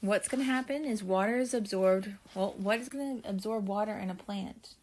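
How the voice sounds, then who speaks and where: A female teacher with an average-pitched, slightly mellow voice goes through her notes for a video lesson, speaking slowly and deliberately. She thinks aloud as she writes and addresses her students directly in a friendly way.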